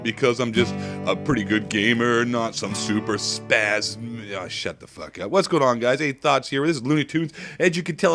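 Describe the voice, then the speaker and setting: A man giving crude, comedic gameplay commentary, hyper and swinging between squeaky highs and low mutters. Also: normal speed, fairly bright tone, faint music behind.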